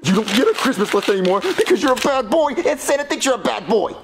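A man's voice: very high voice, expressive, quick pace, crowd noise. A man voicing an exasperated puppet dad who scolds in a frantic, stammering way over background music. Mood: scolding. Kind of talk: puppet comedy acting.

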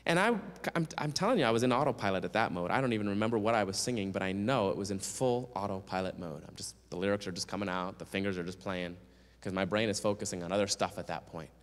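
A man's voice: fairly low pitch, quick pace. A man giving a storytelling sermon as a guest speaker and singer, animatedly acting out the voices of the people in his story. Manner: animated storyteller who acts out quoted voices. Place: church sanctuary. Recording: long church reverb.

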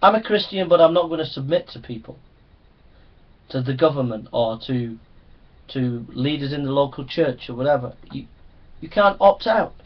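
A man's voice: mid-range voice, lively intonation, moderate pace. A man preaching a sermon, emphatic and repetitive, driving his points home. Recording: dull lo-fi recording.

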